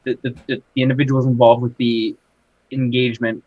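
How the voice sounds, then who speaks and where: A man moderating a casual podcast, speaking in a measured, hedging way and circling back as he thinks. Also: medium pitch, flat delivery, no room sound. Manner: measured, hedging, restarts a lot. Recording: dull, dry lo-fi podcast recording.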